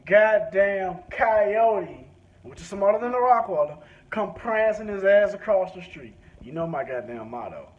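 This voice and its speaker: A man's voice: high voice, measured pace. A man from a rural country town telling a crude, swearing rant while driving. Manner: crude, animated, swears freely. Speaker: vlogger. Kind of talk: profane storytelling rant. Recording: dull lo-fi sound, faint noise.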